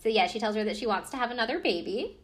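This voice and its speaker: A woman's voice: on the high side, animated, very fast. A woman hosting a podcast, recapping a TV show in a casual, rambling way full of fillers and asides. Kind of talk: casual chat.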